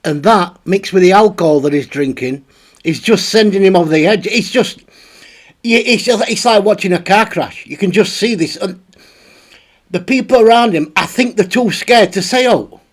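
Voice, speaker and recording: Blunt commentary host. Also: male voice, high voice, normal speed. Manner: rambling, blunt, with frequent restarts. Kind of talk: casual spoken commentary.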